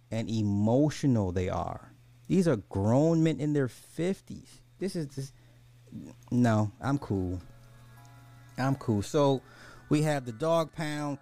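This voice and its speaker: A man's voice: mid-range voice, a little mellow. A man hosting a podcast, giving blunt, exasperated casual commentary, often restarting his sentences. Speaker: podcast host.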